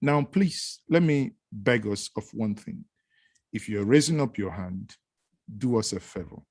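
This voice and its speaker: Low-voiced man hosting an online panel. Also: lively intonation, a little mellow, no echo. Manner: measured, formal, uses adages. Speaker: host. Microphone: video call.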